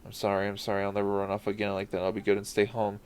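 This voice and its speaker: A man reading the lines of a scared, apologetic little boy from a game, hesitant and halting. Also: lowish voice, completely flat delivery, a little hiss or hum, natural voice. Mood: anxious.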